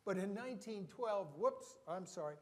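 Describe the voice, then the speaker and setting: A man's voice: sits high, expressive, moderate pace. An older man with a New Jersey accent giving a joking, rambling conference presentation to a live audience. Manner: joking, self-deprecating, rambling asides. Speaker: conference speaker.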